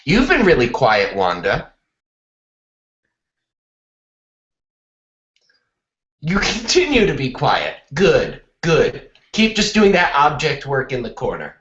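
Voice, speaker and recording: A man's voice: mid-range voice, wildly swooping pitch, a little slow, few pauses, fairly bright tone. A man playing an eager, smug improv student who earnestly explains his edgy jokes in a comedy sketch. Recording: echoey lo-fi recording.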